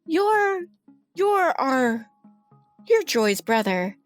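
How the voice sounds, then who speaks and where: A woman's voice: sits high, sing-song, extremely slow, soft background music, pitched above the performer's own voice, full character voice. A woman voicing an aloof captive girl who speaks in an airy, dismissive way.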